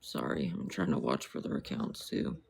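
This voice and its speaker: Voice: very deep voice, moderate pace, creaky, darkish tone, slight background noise. A livestreamer in casual talk who apologizes often, keeps repeating the same plea for money, and turns bitter and angry toward a rival. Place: indoors with dogs.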